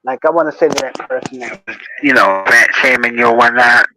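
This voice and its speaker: Guy hosting a casual chat, animated storyteller, laughs a lot, very bright voice. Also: medium pitch, a little fast, slight background noise, rough recording.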